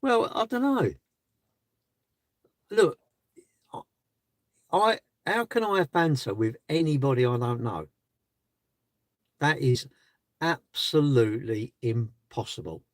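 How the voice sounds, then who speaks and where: Parked in his car, a male livestreamer chats casually on a live stream, rambling and posing rhetorical questions. His voice is mid-range, and the recording is dry.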